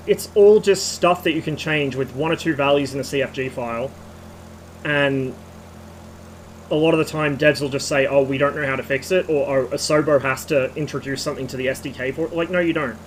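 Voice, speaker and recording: A slightly hoarse man streaming, giving a rambling technical rant with casual swearing. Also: medium pitch, moderate pace, a little hiss or hum, rough recording.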